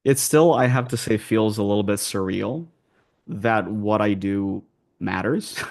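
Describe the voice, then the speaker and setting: A man speaks in a low, gravelly voice as an accent coach being interviewed. He rambles through his answers, restarting phrases and leaning on fillers. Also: a little slow, a little mellow.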